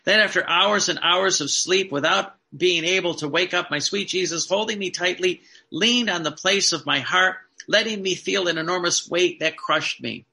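Male preacher, sermon delivery, earnest, gravelly, brilliant tone. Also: high-pitched, moderate pace, hardly any pauses. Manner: earnest preaching, softens to a hush when quoting Jesus.

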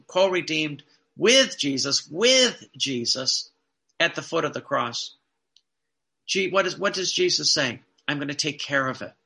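Bright gravelly preaching man. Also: on the high side. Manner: earnest preaching, softens to a hush when quoting Jesus. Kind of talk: sermon.

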